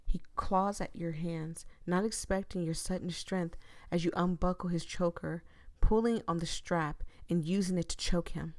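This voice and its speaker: A young woman streamer who reads a visual novel aloud, moving between hushed narration and dramatic outbursts. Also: on the low side, normal speed, dry recording, studio quality. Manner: expressive, dramatic, shifts between hushed reading and loud reactions. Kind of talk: reading a game aloud with reactions.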